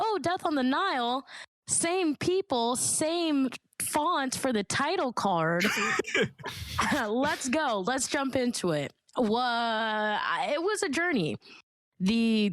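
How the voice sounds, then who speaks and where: A woman co-hosting a movie podcast in casual chat, giggly and animated. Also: sits high, slow, no room sound. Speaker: podcast co-host.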